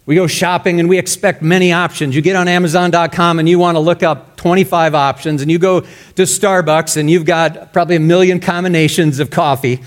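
A male pastor preaching a sermon emphatically, his voice rising loud and dropping to a hush. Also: a little high, steady tone, brisk. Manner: emphatic, swinging between loud and hushed.

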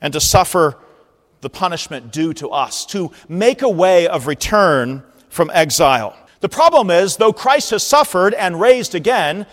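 Man, pastor, sermon, very lively pitch, shouts out calls, church reverb. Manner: animated, shouting out heralding calls. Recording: long reverb of a large hall.

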